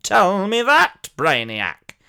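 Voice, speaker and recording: A man's voice: sits high, wildly swooping pitch, slow pace, vocal fry, bright, forceful tone, clear, resonant tone, exaggerated voice. A man playing a pompous, posh older former soap actor who tells a comic monologue in a plummy, theatrical voice with sudden shrieks.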